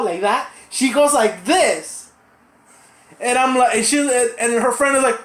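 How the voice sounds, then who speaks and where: A young man chatting on a podcast, telling rambling stories and acting out other people's lines in high voices. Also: a little slow, background noise. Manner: rambling storyteller who acts out quotes in high voices. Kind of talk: casual podcast chat. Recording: roomy echo.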